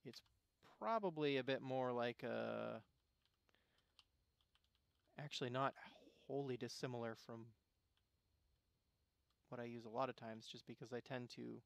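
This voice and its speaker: A man from Arizona, chatting casually and musing out loud while playing a game on stream. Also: medium pitch, fairly even intonation, unhurried, creaky, long pauses, smooth, no room sound. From Arizona, USA. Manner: rambling, musing, self-interrupting. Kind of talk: casual gameplay commentary.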